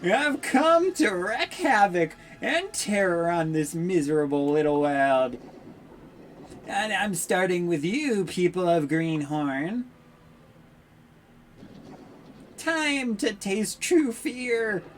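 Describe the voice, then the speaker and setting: A woman voicing a gleeful, cartoonish male dark lord who gloats slowly over his victims. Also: fairly low pitch, very animated, slight background noise. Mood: gloating. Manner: slow, gloating, theatrical menace.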